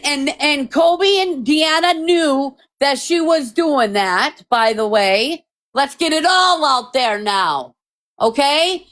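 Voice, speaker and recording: Woman, high-pitched and deliberate, heated profane callout rant straight into a phone. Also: fairly bright tone. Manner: profane, heated, repeats her points. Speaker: TikTok creator. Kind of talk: confrontational rant to viewers.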